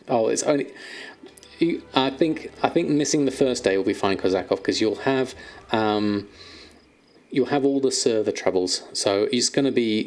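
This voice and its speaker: A man's voice: lowish voice, darkish tone. A man chatting on a live stream, reading viewer questions aloud and answering them with plenty of ums and fillers. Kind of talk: casual live-stream chat.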